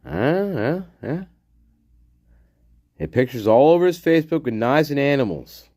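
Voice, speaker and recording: A man's voice: medium pitch, animated, measured pace, mellow, dry recording, clean studio sound. A man hosting a casual livestream, swearing and ranting angrily, then muttering to himself as he reads the chat. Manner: profane angry ranting; muttering while reading chat. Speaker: livestream host.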